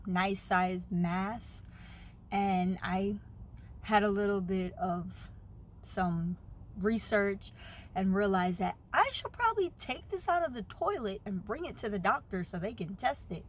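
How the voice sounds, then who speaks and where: A woman's voice: mid-range voice, slight background noise. A woman talking openly and earnestly in a personal vlog, retelling a doctor's visit with feeling. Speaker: vlogger sharing a fertility journey.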